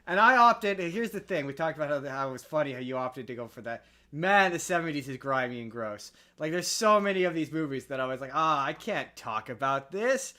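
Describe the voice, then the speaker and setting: Bright-voiced man hosting casual chat. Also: fairly high pitch, animated, quick pace, few pauses. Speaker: podcast co-host.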